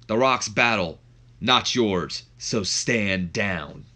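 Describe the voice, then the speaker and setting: Putting on a full character voice, a man plays a cocky, trash-talking male wrestler and brash showman who mocks his rival and boasts about himself in the third person. The voice is lowish, slow, bright, and forceful.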